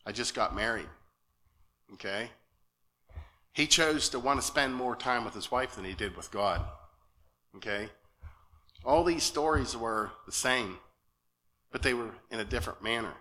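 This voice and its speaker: Male lay preacher, nervous and earnest, bright tense tone, halting delivery with frequent check-ins. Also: mid-range voice, lively intonation. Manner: earnest and halting, often asks "okay?". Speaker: lay speaker at church. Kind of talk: sermon. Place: church sanctuary.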